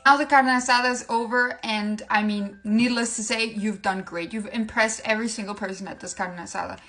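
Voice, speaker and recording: A woman's voice: on the high side, steady tone, brisk, a bit bright, soft background music. A woman giving a comedic language tutorial, playful and often breaking into laughter. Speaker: language-tips creator.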